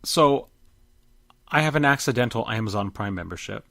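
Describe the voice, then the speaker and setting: A man co-hosting a casual podcast, chatty and quick to get worked up. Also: on the low side, vocal fry, no echo, clean studio sound. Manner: animated, jumps up when surprised. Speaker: podcast co-host. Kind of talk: casual chat.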